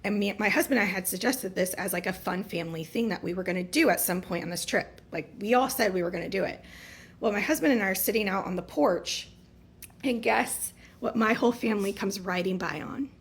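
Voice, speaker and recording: A woman's voice: mid-range voice, a little fast, breathy edge. A married woman telling a story about her family in an exasperated, venting way. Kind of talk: casual storytime.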